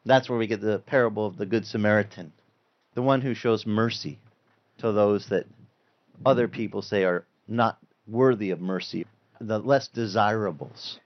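A man's voice: on the low side, normal speed, highs cut off. A male pastor preaching a sermon in a conversational way, quoting scripture as he goes.

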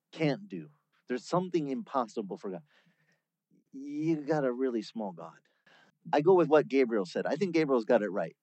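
A man preaching a sermon, teaching through a Bible passage in a lively, conversational way. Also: medium pitch, no echo. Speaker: pastor.

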